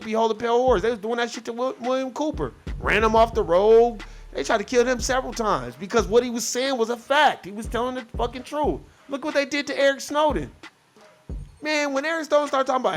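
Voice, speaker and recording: Brief: high-voiced man, heated profane podcast rant, faint music underneath. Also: a bit bright. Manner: profane, heated, mocks others in quoted voices. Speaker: podcast host. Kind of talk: casual ranting commentary.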